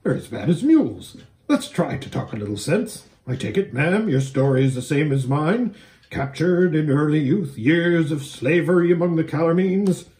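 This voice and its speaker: A man's voice: fairly high pitch, animated, moderate pace, a little mellow, natural voice. Bree, a man doing a pompous talking warhorse. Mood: lofty. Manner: pompous, lecturing. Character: proud talking male warhorse, bossy.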